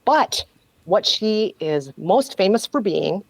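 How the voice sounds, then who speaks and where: A woman's voice: mid-range voice, lively intonation, slow, vocal fry, slightly rough, dry recording, rough recording. A woman guest on a podcast, telling a story in a sardonic, casual way and laughing often.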